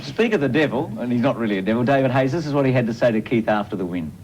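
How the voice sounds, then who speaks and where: Brief: Australian male racing-show host, middle pitch, brisk, leads the panel. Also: expressive, a little mellow, slight background noise, poor audio. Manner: brisk, conversational, leading the talk. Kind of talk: sports broadcast chat.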